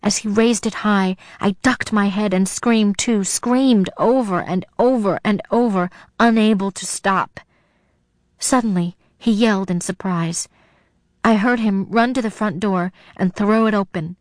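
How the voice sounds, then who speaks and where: A woman's voice: mid-range voice, measured pace, no echo. A woman narrating a suspense story in the first person, in a tense, dramatic storytelling manner.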